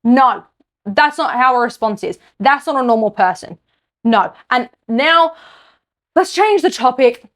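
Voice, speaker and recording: A woman's voice: on the high side, expressive, measured pace, a bit bright. An Australian woman, a podcast host, delivering an angry, blunt political rant to camera. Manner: heated, exasperated, speaks her mind bluntly.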